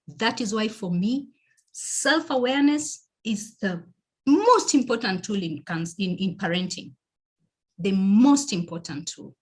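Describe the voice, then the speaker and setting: A woman with a Kenyan accent giving a motivational parenting presentation, speaking emphatically, repeating key phrases and checking in with her listeners. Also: medium pitch.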